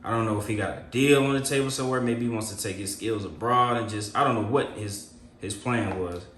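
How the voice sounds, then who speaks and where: Blunt low-voiced man in echoey room. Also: fairly quick, fairly bright tone. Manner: questioning, blunt, laughs along. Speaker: podcast co-host. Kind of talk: casual chat. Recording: echoey room with faint background noise.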